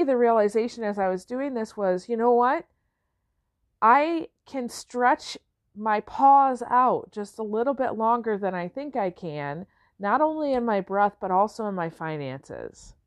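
A woman's voice: on the high side, dry recording, clean studio sound. A woman who coaches business owners, talking in a reflective, conversational way, often asking "right?" and rephrasing as she goes. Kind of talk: reflective casual talk.

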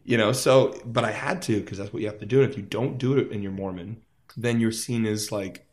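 A man's voice: on the low side, fairly quick. A man in his thirties, a musician, telling stories in a casual interview and acting out quoted voices. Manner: animated, full of "like" and quoted voices. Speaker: musician guest.

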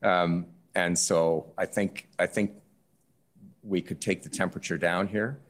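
Low-pitched male official, measured explanatory testimony. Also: fairly even intonation. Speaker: government minister.

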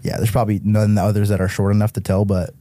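A young man from Massachusetts, a musician guest on a podcast, telling tour stories in a casual, animated way, swearing often and saying "like" a lot. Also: lowish voice, quick pace, no echo.

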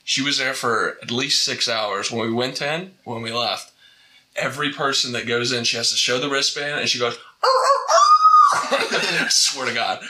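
A man's voice: mid-range voice, moderate pace, crowd noise, low-quality recording. A young man co-hosting a casual podcast, joking and sarcastic, laughing often as he tells stories. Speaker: podcast host. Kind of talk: casual banter. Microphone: shared studio mic.

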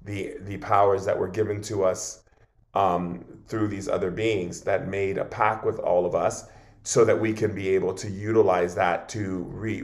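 A man who is a shaman guest on an interview show, telling a long story in an earnest, rambling way with many fillers. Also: low voice.

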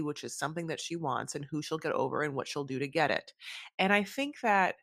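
A woman's voice: deep voice, dry recording, studio quality. A woman co-hosting a podcast, chatting casually about a reality show and acting out what people say. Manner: animated, swearing, acts out quotes. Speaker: podcast co-host. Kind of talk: casual recap chat.

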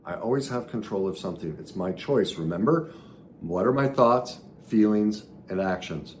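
A middle-aged man giving an earnest, emphatic motivational talk to his followers, swinging between loud stresses and soft asides. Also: on the low side, expressive, normal speed, a little hiss or hum. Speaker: self-help speaker.

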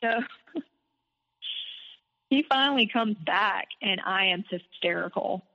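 Bright-voiced woman telling her story candidly. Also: medium pitch, takes it slowly, long reverb tail, muffled recording. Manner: candid, animated, frequent "like" fillers. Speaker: podcast guest. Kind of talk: personal storytelling in conversation.

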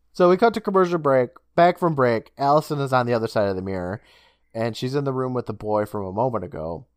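A man co-hosting a casual podcast, retelling a TV episode scene by scene with swearing and quick character imitations. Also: mid-range voice, dry recording. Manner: animated, swears, mimics characters while recapping. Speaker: podcast co-host recapping an episode.

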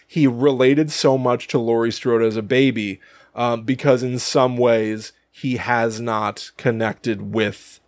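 A man co-hosting a podcast, chatting casually about a horror film with sarcastic, deadpan humor. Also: mid-range voice, takes it slowly, no room sound. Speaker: podcast co-host. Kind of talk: casual film review chat.

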